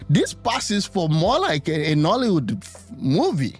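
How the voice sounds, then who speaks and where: A male host reacts to a clip with teasing disbelief, laughing easily. His voice sits a little high and swings widely in pitch. Faint music runs behind him. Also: wildly swooping pitch, a little slow, few pauses, husky. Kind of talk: commentary on a clip.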